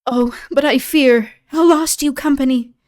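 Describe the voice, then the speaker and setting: A woman's voice: sits high, measured pace, darkish tone, pitched above the performer's own voice. Earnest young noblewoman, gracious, careful lifted reading by a woman.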